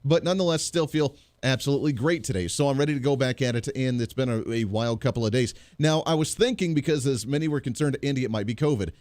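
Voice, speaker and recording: A man's voice: mid-range voice, quick pace, hardly any pauses, darkish tone, no room sound. A man hosting a talk radio show, a little congested, chatty and joking with frequent restarts, in a radio studio. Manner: chatty, jokey, lots of restarts.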